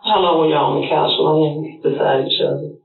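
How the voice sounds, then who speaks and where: Gravelly male detective on tinny interrogation audio. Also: a little high, steady tone. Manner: measured, coaxing questions. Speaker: police detective. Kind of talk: interrogation questioning. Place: police interview room. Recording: tinny, echoey interrogation room audio from a distance.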